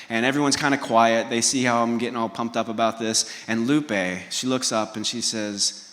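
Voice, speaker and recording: A man's voice: mid-range voice, normal speed, sharp tone, long reverb tail. A man giving a motivational keynote, telling a personal story and asking the audience direct questions. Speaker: keynote speaker. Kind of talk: motivational talk.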